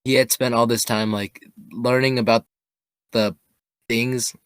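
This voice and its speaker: A man's voice: medium pitch, steady tone, measured pace, clean tone, no echo. A young man co-hosting a casual podcast, rambling through his points with lots of fillers. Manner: rambling, many fillers and restarts. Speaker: podcast co-host. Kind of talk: casual chat.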